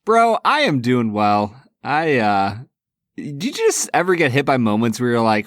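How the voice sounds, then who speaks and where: A man in his thirties co-hosts a podcast in relaxed, easygoing chat, laughing often. His voice has a lively pitch that moves a lot, and it is recorded close and dry. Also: measured pace, dry recording. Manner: laid-back, laughing. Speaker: podcast co-host. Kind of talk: casual chat.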